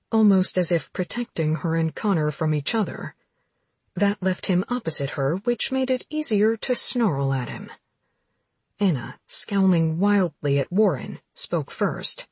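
Breathy, low-voiced woman narrator. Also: a little mellow, no room sound. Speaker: audiobook narrator. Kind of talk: scripted romance narration.

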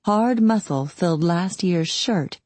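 A woman narrating an audiobook in a calm, steady storytelling manner. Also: on the low side, slow, dry recording. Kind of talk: scripted narration.

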